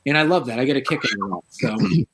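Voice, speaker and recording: A man's voice: medium pitch, brisk, breathy edge. A man, a paranormal researcher, telling stories in a casual interview and acting out the voices of the people he quotes. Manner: animated, acts out quoted voices.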